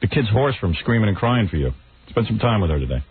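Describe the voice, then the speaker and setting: A man's voice: fairly low pitch, very animated, fast talker, husky, no room sound. A man hosting a radio show, teasing and joking crudely in on-air banter. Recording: narrow, phone-like radio broadcast.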